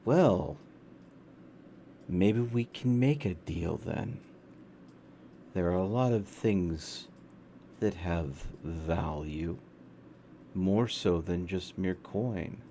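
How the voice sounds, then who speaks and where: A man voicing a sly, smiling fey character in a tabletop game, speaking slow and honeyed. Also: low voice, warm tone, slight background noise, full character voice. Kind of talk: tabletop role-play in character.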